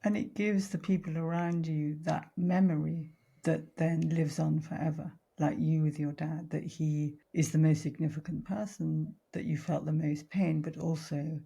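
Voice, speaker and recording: A woman hosting a podcast, speaking in a reflective, measured way. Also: deep voice, vocal fry, dark tone, slightly rough. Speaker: podcast host, therapist.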